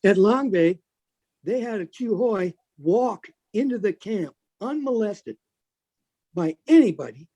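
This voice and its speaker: A blunt older man with a fairly high but mellow, darker voice. He recalls a battle in loose, unscripted talk and swears freely along the way. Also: lively intonation, a little slow, lo-fi sound. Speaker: veteran recounting a battle. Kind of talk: unscripted recollection.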